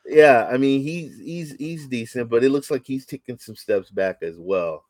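A man co-hosting a casual sports chat, talking excitably with many halting restarts. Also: medium pitch, no echo. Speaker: podcast co-host.

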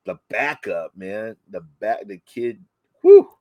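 Man, low voice, dry close sound, excitable sports talk, lots of restarts. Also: no room sound. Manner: excitable, halting with many restarts. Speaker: podcast co-host. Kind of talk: casual sports chat.

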